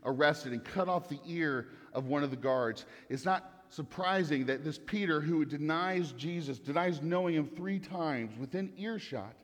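A man's voice: on the high side, a little slow, hardly any pauses, in a large hall. A man preaching a sermon, earnest and repeating phrases for emphasis. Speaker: pastor.

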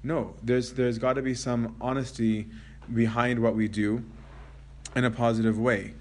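A man's voice: medium pitch, flat delivery, unhurried. A man giving a Christian lecture, reading a passage aloud and then explaining it in a conversational way, often asking "right?".

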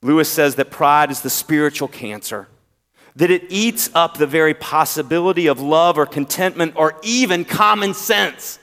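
A man with a Southern accent preaching a sermon, drawing out key words with pauses and swinging between loud emphasis and hushed tones. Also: on the high side. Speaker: pastor. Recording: long hall reverb.

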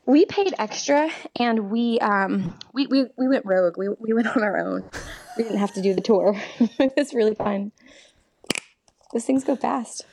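A woman's voice: on the high side, unhurried, gravelly, a little mellow. A woman from Texas, a theatre actor, guesting on a podcast over a remote call, bubbly and chatty with lots of laughter. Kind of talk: casual chat.

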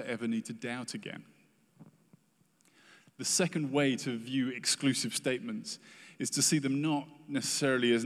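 A man's voice: mid-range voice, long reverb tail. A man preaching a sermon in an earnest, emphatic way, acting out quoted prayers and words.

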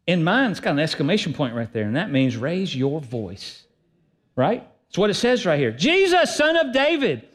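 A man preaching a sermon as pastor, emphatic and swinging between loud and soft delivery. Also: on the high side, sing-song, normal speed, breathy edge.

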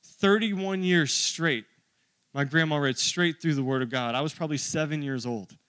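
A man's voice: fairly high pitch, moderate pace, fairly bright tone, smooth, dry recording. A man in his thirties preaching a sermon to his church, conversational and joking with the congregation. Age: 30s. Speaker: pastor.

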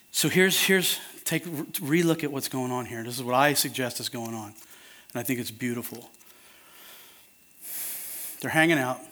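A man's voice: mid-range voice, fairly bright tone. A man preaching an earnest, conversational sermon that turns emphatic at times.

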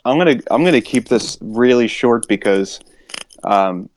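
A man's voice: medium pitch, animated, unhurried, a little hiss or hum. A man co-hosting a podcast, chatting casually in a rambling way with frequent restarts. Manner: rambling, restarts often, laughs a lot. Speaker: podcast co-host. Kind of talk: casual chat.

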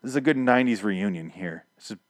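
Low-voiced man ranting through a recap. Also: expressive, quick pace, dry recording, studio quality. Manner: rambling, sarcastic, swears a lot, acts out characters' lines. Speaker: TV episode reviewer. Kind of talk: casual spoken recap and review.

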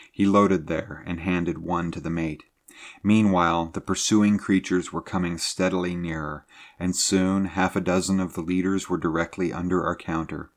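A man reading an adventure story aloud as a narrator, measured and building drama at tense moments. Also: low voice. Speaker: audiobook narrator.

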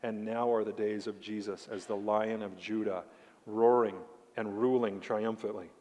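A man's voice: on the low side, flat delivery, mellow. Emphatic male preacher in a reverberant hall. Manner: emphatic preaching, slowing down to stress key words; addresses the congregation directly with questions. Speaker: pastor. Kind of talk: sermon. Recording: long reverb of a large hall.

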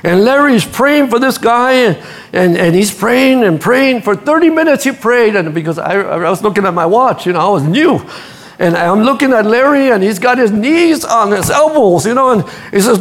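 High-voiced animated male preacher. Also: moderate pace. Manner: animated storytelling, acts out quotes, laughs at his own stories; addresses the congregation directly. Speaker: pastor. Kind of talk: sermon.

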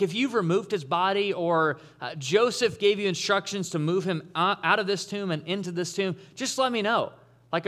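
A man preaching an Easter sermon in a conversational, animated way, acting out the people he quotes. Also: fairly high pitch. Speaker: pastor.

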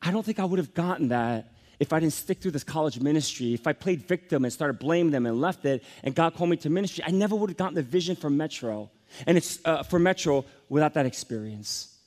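This fast-talking pastor, a man in his forties, preaches with emphasis. He drops to soft lows, then builds to energetic peaks.

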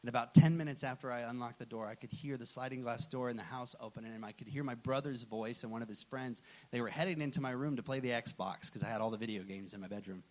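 A man in his thirties, a pastor, preaching a sermon and telling a personal story, acting out the dialogue with lively energy. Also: mid-range voice.

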